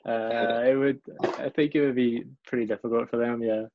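Relaxed Northern Irish man, dry muffled sound. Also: mid-range voice, normal speed, no echo. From Northern Ireland. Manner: relaxed, self-deprecating, frequent restarts. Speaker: guest, English teacher abroad. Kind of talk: casual chat. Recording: dull lo-fi recording, dry.

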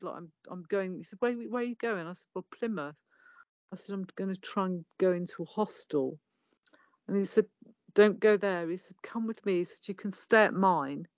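A woman's voice: medium pitch, no echo. A middle-aged English woman with an English accent, a podcast guest telling her life story candidly, swearing freely and acting out what people said. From England. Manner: swears freely, tells it bluntly with quoted dialogue.

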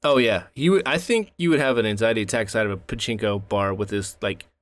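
A man's voice: lowish voice, fairly quick. A man from the South, chatting casually as a podcast co-host, joking and swearing a lot. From American South. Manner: profane, joking, animated storytelling. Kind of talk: casual chat.

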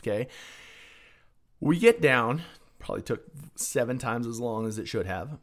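A man, a podcast guest, telling a personal story in a casual, animated, profane way, swinging between hushed and loud. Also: medium pitch, moderate pace.

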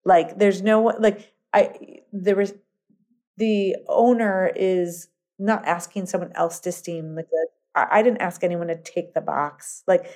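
Warm, rambling woman entrepreneur telling stories. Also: on the low side, measured pace. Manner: rambling, animated storyteller with many fillers and restarts. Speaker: guest entrepreneur. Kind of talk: casual interview storytelling.

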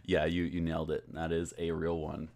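A man hosting a podcast in loose, rambling conversation, casually dropping swear words. His voice sits very low with a gravelly fry running through it. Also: monotone, normal speed, a little mellow. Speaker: podcast host.

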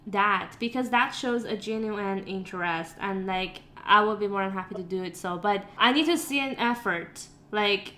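A woman's voice: medium pitch, moderate pace, hardly any pauses, pushed and bright. A woman hosting a podcast, talking frankly and laughing easily in a casual interview. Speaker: podcast host.

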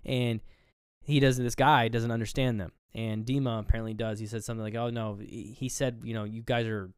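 A man's voice: mid-range voice, little pitch movement, a little fast, clear, resonant tone, no echo, clean studio sound. A man co-hosting a podcast, casually recapping a film and acting out characters' lines with loose swearing. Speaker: podcast co-host.

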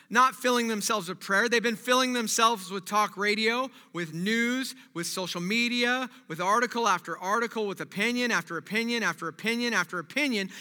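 A man preaching a sermon as pastor, moving between quiet reflection and loud animated preaching. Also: high-pitched. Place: church. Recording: long reverb of a large hall.

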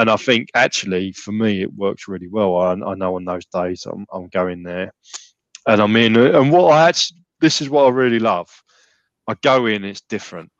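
A man's voice: fairly low pitch, fairly bright tone, dry recording, lo-fi sound. A man talking casually as a podcast guest, rambling with many restarts and fillers. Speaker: gym client and podcast guest.

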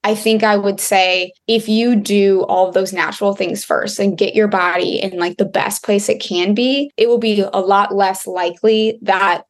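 A woman's voice: medium pitch, steady tone, moderate pace, hardly any pauses. A woman naturopathic doctor answering interview questions in a chatty way, full of "like" fillers.

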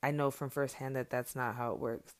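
A woman's voice: rumbling low, fairly even intonation, a little fast. A woman in her thirties, a mother, talks candidly to viewers in a blunt, heated and profane monologue. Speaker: mother sharing her views.

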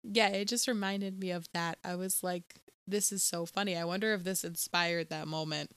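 A young woman co-hosting a casual movie chat, retelling scenes in a chatty, animated way. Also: fairly low pitch, moderate pace, clear, resonant tone, dry recording. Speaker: podcast co-host.

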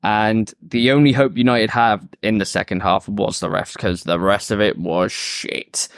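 A man's voice: lowish voice, steady tone, unhurried, smooth, no room sound, studio quality. A man hosting a casual football podcast, laid-back and swearing casually as he sets up the next segment. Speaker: podcast host.

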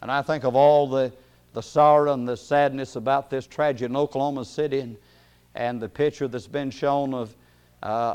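A man preaching a sermon in a folksy way, chuckling often and hesitating with fillers, then rising into loud emphatic bursts. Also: mid-range voice, clear, resonant tone.

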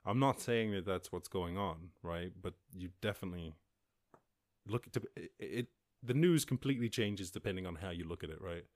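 A man's voice: low voice, moderate pace, no room sound, studio quality. An Irish man hosting a solo podcast, rambling and swearing with frequent laughs and restarts. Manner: rambling, profane, laughing, self-interrupting. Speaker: podcast host. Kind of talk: solo podcast rant over news headlines.

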